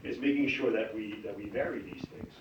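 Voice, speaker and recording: Man, a bit low, quick encouraging instructor, fillers and restarts, distant mic in a roomy hall with faint hiss. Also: dull audio. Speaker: meeting instructor giving feedback. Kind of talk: spoken feedback on a reading.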